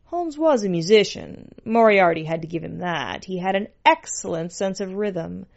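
A woman's voice: lowish voice, animated, moderate pace, vocal fry, muffled recording. A woman narrating a story in a dry, sardonic manner.

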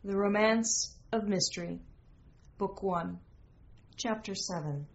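A woman narrating a storybook in a measured, old-fashioned storytelling manner. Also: mid-range voice, vocal fry, dull audio, music in the background. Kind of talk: storybook reading.

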